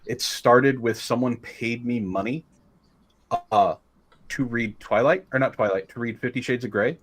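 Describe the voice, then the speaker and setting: A man's voice: medium pitch, measured pace, a bit bright. A man from California, a voice actor, chatting casually on a podcast and telling candid stories with free swearing. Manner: candid, storytelling, swears freely. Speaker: voice actor guest.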